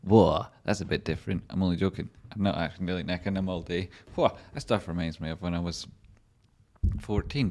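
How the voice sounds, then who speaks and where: A young man hosts a casual livestream, talking in a low register. He rambles from thought to thought, joking and swearing freely. His voice stays deep throughout, with the loose, unscripted flow of live chat. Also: fairly quick, a little mellow. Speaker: livestream host.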